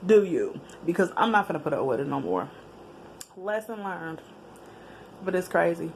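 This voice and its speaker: With a voice on the low side and a moderate pace, a woman chats to camera about a personal experience. As a vlogger she keeps it animated and casual, laughing and using slang, while faint hiss lingers in the background.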